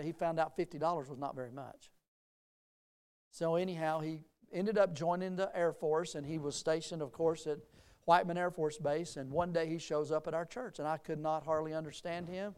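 A middle-aged male pastor delivers a sermon in a smooth, resonant voice pitched a little high. He talks in a folksy, storytelling way, then builds to emphatic, lively preaching. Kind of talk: sermon with personal stories.

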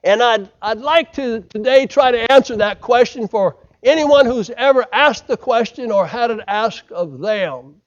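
An American man preaching a sermon, swinging from loud emphasis to hushed delivery and acting out quoted lines. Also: very high voice, animated, a little slow, few pauses, muffled recording. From United States. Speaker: pastor.

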